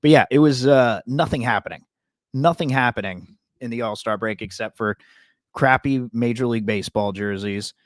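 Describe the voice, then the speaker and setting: A man co-hosting a sports podcast in a relaxed, rambling way with many fillers. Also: mid-range voice, moderate pace, no room sound, clean studio sound. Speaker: sports podcast co-host and radio reporter. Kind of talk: casual chat.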